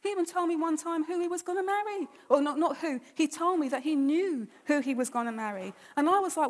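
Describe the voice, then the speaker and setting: A woman's voice: sits high, fairly quick, hardly any pauses, big-room sound. A woman giving a personal testimony at church, telling her story conversationally and acting out her own past thoughts and words.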